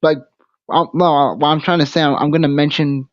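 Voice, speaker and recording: A man hosting a casual live stream. He talks haltingly, stopping and restarting his sentences often. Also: on the high side, steady tone, no room sound. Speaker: stream host. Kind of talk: casual livestream chat. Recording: dull lo-fi stream audio.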